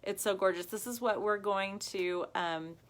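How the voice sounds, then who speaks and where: A woman's voice: mid-range voice, measured pace. A woman hosts a live crafting video and chats with viewers as if they were friends. She is bubbly and talkative and laughs often. She reacts to comments as they come in. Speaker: host of a live craft and ribbon shop video. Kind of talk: chatty livestream talk to viewers.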